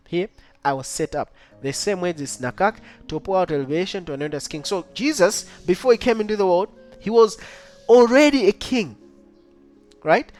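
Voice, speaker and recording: Excitable male Bible teacher, quizzing listeners. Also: a little high. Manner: keeps asking the listener rhetorical questions like "right?" and "what?"; reads scripture aloud in old-style wording. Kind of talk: Bible study lesson.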